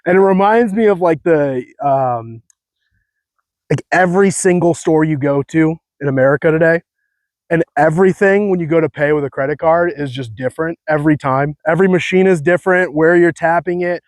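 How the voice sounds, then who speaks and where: Man, high-ish voice, dry close sound, animated rambling chat, self-mocking. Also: moderate pace, no room sound. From California. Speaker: vlogger. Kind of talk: casual monologue.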